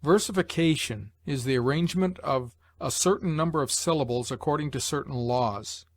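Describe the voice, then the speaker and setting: A man reading English pronunciation rules aloud in a measured, list-like way, slowing on each example word. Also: fairly high pitch, no echo. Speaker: English lesson narrator.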